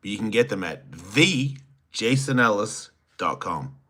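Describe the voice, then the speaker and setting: A man's voice: fairly low pitch, sing-song, unhurried, fairly bright tone, husky. A man with an Australian accent, hosting a solo livestream, reading chat questions and answering in a crude, teasing, rambling way. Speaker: host.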